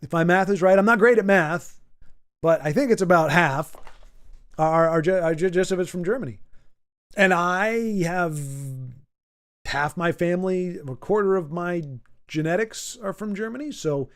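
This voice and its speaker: A man's voice: high voice, normal speed, smooth. A man hosting a casual livestream, chatting to his viewers in a rambling, self-deprecating way with frequent stumbles and restarts. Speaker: livestream host.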